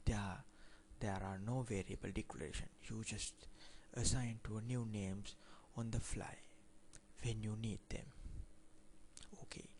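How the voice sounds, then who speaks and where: Slow, gravelly man explaining code. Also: lowish voice, a little mellow, slight background noise. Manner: reads code aloud line by line, plainly explaining. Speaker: programming instructor. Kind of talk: screen-recorded coding tutorial.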